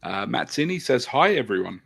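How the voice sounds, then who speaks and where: A man's voice: mid-range voice, big pitch swings, normal speed, vocal fry, fairly bright tone. A man co-hosting a hobby livestream, reading out viewer comments with frequent hesitant fillers. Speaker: livestream co-host. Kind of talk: casual chat. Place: home studio, on a video call.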